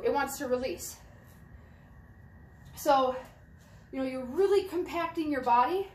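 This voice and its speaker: A young adult woman with a high voice talks through shot put technique as a throwing coach, casual and repeating herself as she demonstrates. She is heard from a distant camera mic, with an echoey space and faint ambience behind her. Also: unhurried. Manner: casual, repeats and restarts phrases while demonstrating. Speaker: track and field throwing coach. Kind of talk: casual instructional talk while demonstrating.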